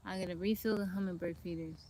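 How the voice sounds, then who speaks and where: A woman chatting on a live stream, calmly greeting and thanking viewers one by one from outdoors in the woods, speaking into her phone. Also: lowish voice, quick pace. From Texas, USA. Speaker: livestream host. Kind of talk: casual live-stream chat reading viewer comments. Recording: faint outdoor noise from a phone. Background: insects and birds outdoors.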